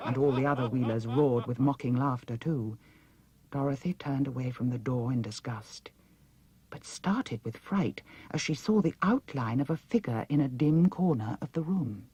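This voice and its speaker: Low, husky British woman reading a storybook. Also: moderate pace, no room sound. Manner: expressive, dramatic storytelling. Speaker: audiobook reader. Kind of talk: storybook narration.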